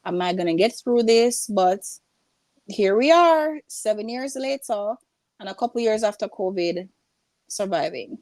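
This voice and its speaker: A woman's voice: medium pitch, a little slow, no echo. A Jamaican woman, a business owner, telling stories in a casual interview and acting out the voices of the people in them. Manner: animated storyteller, acts out voices in quotes. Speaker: guest entrepreneur.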